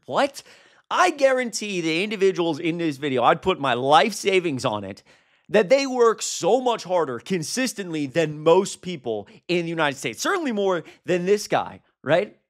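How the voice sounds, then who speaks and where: A young man reacting to a protest video as a political commentator, indignant and exasperated. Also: sits high. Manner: indignant, exasperated, quick asides.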